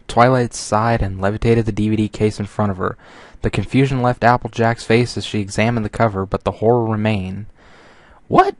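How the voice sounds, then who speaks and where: A man's voice: fairly low pitch, steady tone, brisk, no echo. A man reading fan fiction aloud and breaking off with exasperated sighs, asides and laughter.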